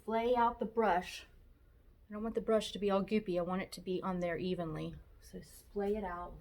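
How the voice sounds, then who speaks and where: A woman's voice: mid-range voice, steady tone, moderate pace, a little mellow. A woman demonstrating a furniture painting technique, casually talking through each brush stroke as she works and repeating her steps aloud. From Florida, USA. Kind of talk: casual how-to narration while working. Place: shop workspace. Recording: echoey room, voice from a distance.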